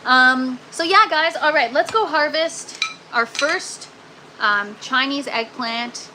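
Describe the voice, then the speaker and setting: A woman's voice: high voice, slow pace, background noise. A woman hosting a casual gardening live stream from an indoor grow tent, chatting with viewers and using lots of ums and "you guys.".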